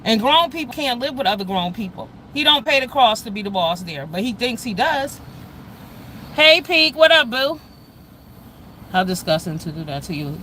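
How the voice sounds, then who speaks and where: A woman talking bluntly and loudly with lots of swearing in a casual livestream rant, speaking straight to her chat. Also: fairly high pitch, very animated, moderate pace, a little hiss or hum, low-quality recording. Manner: blunt, loud and profane; addresses chat viewers directly. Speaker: live streamer.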